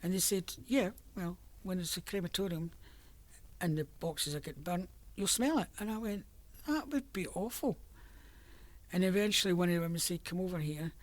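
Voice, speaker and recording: A woman's voice: on the low side, expressive, moderate pace, dry recording. Older Scottish woman telling stories. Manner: chatty storyteller, laughs often. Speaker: interviewee. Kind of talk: reminiscing oral history.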